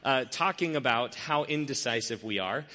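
A young man, a pastor, giving a sermon in a relaxed, conversational storytelling way. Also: mid-range voice, moderate pace, long reverb tail, slight background noise. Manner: conversational storytelling, self-deprecating.

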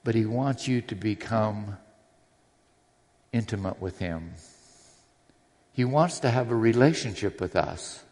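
A man's voice: lowish voice, a little slow, long pauses, darkish tone. A man preaching a sermon in a church, earnest and personal, with readings from scripture. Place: church sanctuary. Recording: long hall reverb.

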